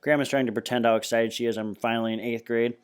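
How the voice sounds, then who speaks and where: A man's voice: medium pitch, level tone, fast, clean tone. Man reading a novel aloud. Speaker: reader.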